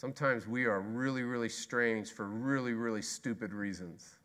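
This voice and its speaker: A man preaching a sermon as pastor, emphatic and repetitive, swinging between loud exclamation and hushed intensity. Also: mid-range voice, moderate pace. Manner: repetitive rhetorical questions.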